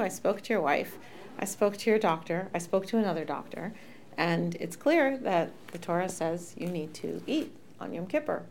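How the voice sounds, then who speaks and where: A woman's voice: medium pitch, slight background noise. A woman in a casual discussion who tells a story and acts out the voices of the people in it. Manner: animated storyteller acting out quoted voices.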